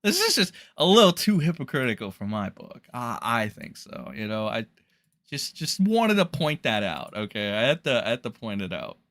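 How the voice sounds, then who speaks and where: Man, livestream commentator, angry profane ranting, lively swinging pitch, dry close sound. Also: normal speed, dry recording. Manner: profane, heated, exasperated outbursts.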